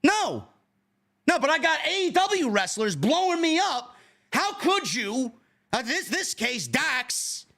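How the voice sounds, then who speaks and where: A man's voice: very high voice, sing-song, a little slow, creaky, pushed and bright. A man co-hosting a wrestling podcast, indignantly ranting with profane rhetorical questions. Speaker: podcast co-host. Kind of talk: heated podcast rant.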